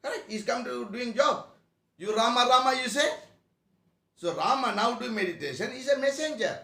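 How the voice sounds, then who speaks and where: A man teaches a spiritual class in broken English. His voice sits very high and sounds sharp and bright. The room around him is echoey. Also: lively intonation, normal speed. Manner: broken English, rhetorical questions to the audience. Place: meeting room.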